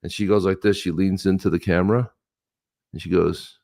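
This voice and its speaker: A man's voice: low voice, fairly even intonation, brisk, gravelly, darkish tone. A man in his sixties co-hosting a livestream, telling rambling stories in casual chat. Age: 60s. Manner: rambling, storytelling, laughs often. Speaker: livestream co-host.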